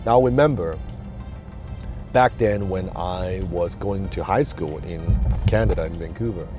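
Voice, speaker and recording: A man's voice: sits low, measured pace, music in the background. A man with a non-native English accent gives an emphatic motivational talk, repeating key words and asking rhetorical questions. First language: not English. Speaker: business and communication coach.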